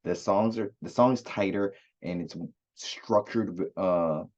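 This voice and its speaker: A man's voice: low-pitched, slow pace, darkish tone, dull audio. A man giving a loose, rambling spoken review of an album as a music reviewer, with many fillers and restarts.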